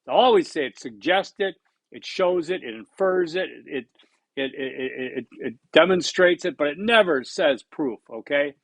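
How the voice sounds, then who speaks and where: A man's voice: on the high side, lively intonation, normal speed, dry recording. A man in his sixties giving a recorded college lecture, blunt and conversational, repeating points for emphasis. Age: 60s. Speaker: college instructor.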